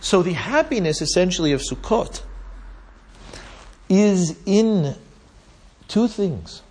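A man's voice: sits high, animated, takes it slowly, a little mellow, husky. A man teaching a Talmud class, retelling a story with Hebrew and Aramaic terms and often checking in with "right?". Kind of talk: lively Torah class storytelling.

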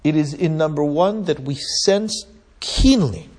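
A man's voice: a little high, lively intonation, a little slow, darkish tone, husky. A man teaching a Talmud class, retelling a story with Hebrew and Aramaic terms and often checking in with "right?". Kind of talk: lively Torah class storytelling.

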